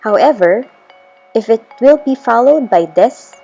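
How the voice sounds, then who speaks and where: A woman teaching a beginner's lesson at an unhurried, patient pace, spelling out each pattern with clear enunciation. She slips in the odd Tagalog phrase as she goes. Soft music plays faintly beneath her voice. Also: fairly high pitch, lively intonation. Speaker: language teacher. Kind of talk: slow explanatory lesson.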